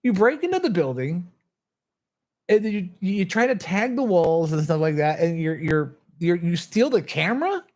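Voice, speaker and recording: A man's voice: high-pitched, big pitch swings, normal speed, darkish tone. A man telling a long, agitated story in a casual livestream, swearing and acting out what others said. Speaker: channel host.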